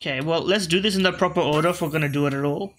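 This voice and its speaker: A man's voice: on the high side, rapid-fire, slight background noise. A man giving casual, rambling commentary over a video game, often correcting himself mid-sentence and talking to his game pieces. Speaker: gaming video host.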